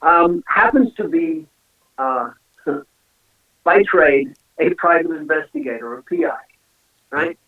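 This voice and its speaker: A man's voice: fairly high pitch, huge pitch swings, slow pace, long pauses. A man telling stories in a casual interview, chatting freely and laughing often. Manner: chatty storyteller, laughs often, many "you know"s. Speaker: singer and guest. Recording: tinny phone line, echoey and distant.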